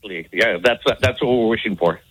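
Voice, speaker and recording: A man from the San Antonio area calling in to a sports radio show, explaining a point haltingly and repeating words as he goes. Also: on the low side, a bit bright, husky, rough recording. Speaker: caller. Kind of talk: phone-in comment.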